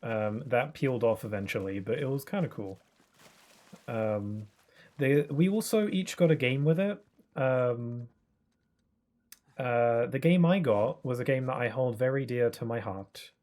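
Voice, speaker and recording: A man's voice: medium pitch, darkish tone. A young man in his twenties chatting casually while streaming a game, rambling with lots of fillers and restarts. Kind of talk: casual live-stream gaming chat.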